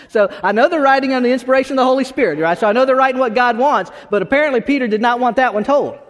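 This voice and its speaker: A man preaching a sermon as pastor, talking in an animated, conversational way with many restarts. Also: extremely high pitch, fast talker. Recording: long hall reverb.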